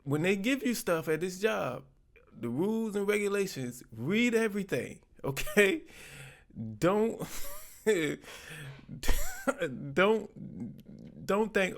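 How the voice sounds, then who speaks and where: A man's voice: high voice, lively intonation, slow pace, vocal fry, pauses often. A man hosting his channel, reacting to clips in a laid-back, chuckling way and offering advice. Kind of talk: casual commentary.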